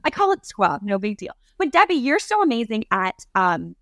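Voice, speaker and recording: Bright-voiced woman, crisp dry sound. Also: a little high, very animated, normal speed, dry recording. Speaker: talk show host guest. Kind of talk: casual chat.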